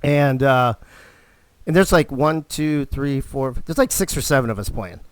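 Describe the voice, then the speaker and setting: A man hosting a live stream, telling stories in a casual, animated way and swearing constantly. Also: mid-range voice, a little slow, dry recording. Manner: profane, animated, fired-up storyteller. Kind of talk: casual storytelling.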